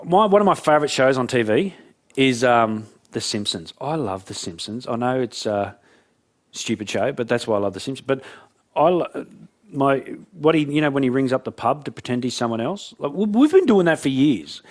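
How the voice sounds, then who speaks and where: A man giving a talk, telling jokey stories in an animated way. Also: mid-range voice, fairly quick. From Australia. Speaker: motivational speaker. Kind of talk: storytelling keynote talk.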